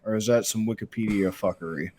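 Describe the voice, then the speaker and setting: Fast-talking and fairly low-pitched, this young co-host of a fight betting podcast rambles, jokes and swears through casual betting talk. The background is noisy.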